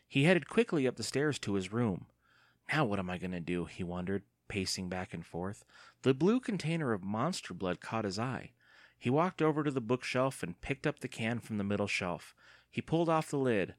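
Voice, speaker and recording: Low-voiced expressive male storyteller. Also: normal speed, no echo, clean studio sound. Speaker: narrator. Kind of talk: audiobook narration.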